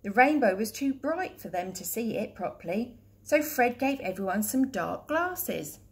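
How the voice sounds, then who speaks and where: A woman teacher reading a children's picture book aloud in a clear, steady, gentle voice. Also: on the high side, measured pace.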